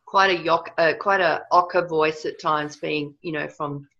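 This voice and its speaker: Bright Australian woman on dull audio. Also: low voice, steady tone, a little slow. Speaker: host. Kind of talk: casual chat on a video call.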